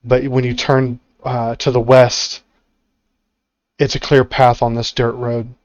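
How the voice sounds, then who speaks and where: A man's voice: mid-range voice, level tone, dry recording, lo-fi sound. Man game master with dry sound. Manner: descriptive, with filler pauses. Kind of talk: narrating a tabletop game.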